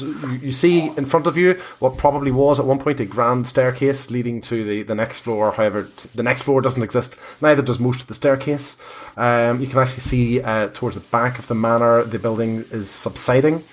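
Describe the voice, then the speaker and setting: A man running a tabletop game as game master, describing scenes with many fillers and restarts. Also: mid-range voice. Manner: rambling, hesitant descriptions.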